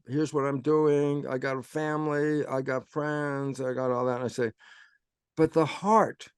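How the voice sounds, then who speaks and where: Older male guest, lively explainer, slightly high voice, dry sound. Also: no room sound. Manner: animated, acts out his own inner dialogue. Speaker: guest speaker. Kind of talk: conversational explanation.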